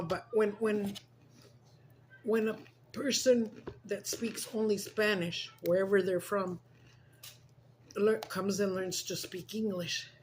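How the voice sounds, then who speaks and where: A woman's voice: medium pitch, rough recording. An older woman talks casually at home while eating on camera. She switches freely between English and Spanish and keeps breaking off to coax her pets over. A faint background noise sits under her voice. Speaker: mukbang vlogger.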